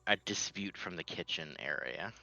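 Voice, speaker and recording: Bright-voiced male game master. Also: low-pitched, normal speed, gravelly. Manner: lively, laughs often. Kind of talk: narrating a tabletop game.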